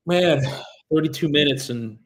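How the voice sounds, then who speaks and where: A man's voice: on the high side, moderate pace, a bit bright, poor audio. A man working as a real estate agent, cold calling on a livestream, chatting casually with viewers between calls and turning polite and friendly on the phone, often trailing off and restarting sentences. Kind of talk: live-streamed cold calling with commentary.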